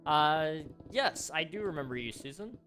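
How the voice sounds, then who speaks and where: A young man chatting casually with viewers during a live game stream, talking through pauses with fillers. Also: on the high side, expressive, pushed and bright. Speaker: livestreamer. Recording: faint background music.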